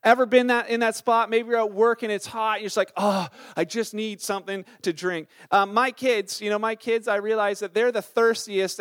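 High-voiced man preaching conversationally. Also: clear, resonant tone, no echo, studio quality. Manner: conversational, animated storytelling with many fillers. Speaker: pastor. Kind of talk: sermon. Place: church.

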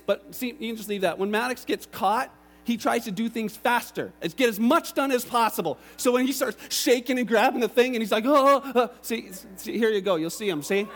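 A man in his thirties preaching a sermon, telling family stories in an animated, lively way. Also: very high-pitched. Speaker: pastor. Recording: long reverb of a large hall.

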